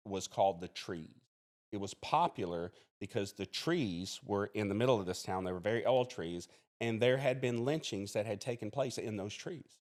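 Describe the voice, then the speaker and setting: Low-voiced earnest man from Mississippi. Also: a little mellow. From Mississippi, USA. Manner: earnest, plainspoken, with frequent restarts. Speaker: podcast guest, criminology professor and police officer. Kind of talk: interview storytelling.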